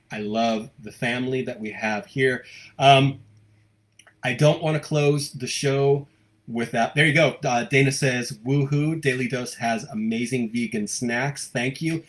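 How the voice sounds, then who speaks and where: An American man who hosts a local live show, talking fast and cheerfully as he reads out viewer comments. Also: medium pitch, steady tone, fairly bright tone. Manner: fast-talking, upbeat, gushing. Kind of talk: casual live-stream chat, reading viewer comments.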